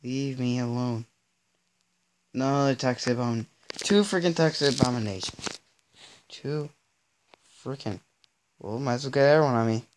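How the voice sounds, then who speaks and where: A man giving let's-play commentary, exasperated and stammering, often pleading out loud with the game. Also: mid-range voice, moderate pace, long pauses. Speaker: gaming video creator.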